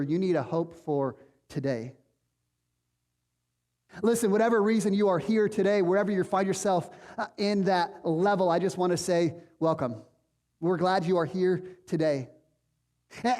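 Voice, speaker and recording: High-voiced man preaching in a hall. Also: darkish tone. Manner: conversational, emphatic preaching with rhetorical questions. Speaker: pastor. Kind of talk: sermon. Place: church sanctuary.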